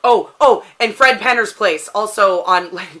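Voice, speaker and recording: Chatty Pacific Northwest woman, bright voice. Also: mid-range voice, normal speed. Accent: Pacific Northwest American. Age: 30s. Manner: rambling, chatty, frequent "like" fillers. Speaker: vlogger answering a question tag. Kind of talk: casual chat.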